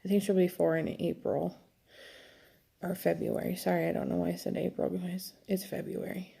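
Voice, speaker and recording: A young woman speaks candidly to her viewers in a personal vlog, pausing and restarting as she thinks aloud. Her voice sits low and carries a gravelly edge. The tone is mellow and fairly flat. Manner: candid, reflective, halting with many fillers. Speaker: vlogger. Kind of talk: personal vlog talking to camera.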